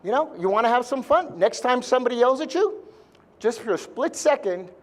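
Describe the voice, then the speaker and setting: A man's voice: very high-pitched, expressive, brisk. A man speaking live to a seminar audience, blunt and joking, with mild swearing.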